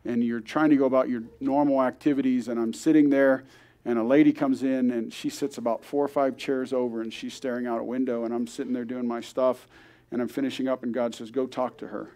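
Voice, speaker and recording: A man's voice: mid-range voice, level tone, fairly quick, mellow. An older man, a grandfather, telling an earnest story at a church service, acting out the voices of the people he quotes. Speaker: guest speaker.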